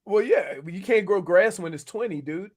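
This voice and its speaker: High-voiced animated male sports host. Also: normal speed. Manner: animated storytelling, laughs often. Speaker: sports radio co-host, former NFL player. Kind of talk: casual sports talk.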